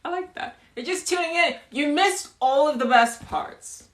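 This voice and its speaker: A woman hosting a livestream and improvising a bedtime story, chatty and giggly, dropping to a hushed voice for the story. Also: sits high, measured pace. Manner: giggly, chatty, breaks into laughter. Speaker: livestream host. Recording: echoey room.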